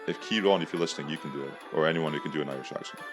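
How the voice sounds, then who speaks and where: A man's voice: a bass voice, very fast, music in the background. A young man hosting a podcast, telling a story in a crude, profane, comic rant. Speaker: podcast host. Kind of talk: casual storytelling monologue.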